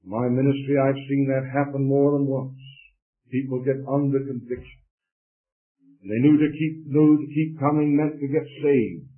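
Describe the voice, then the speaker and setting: A male preacher delivering an evangelistic sermon, his voice in a middle register. He surges into loud urging and then drops to hushed warnings. The recording is thin and phone-like, like an old tape. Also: mid-range voice, fairly even intonation, moderate pace. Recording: tinny lo-fi tape.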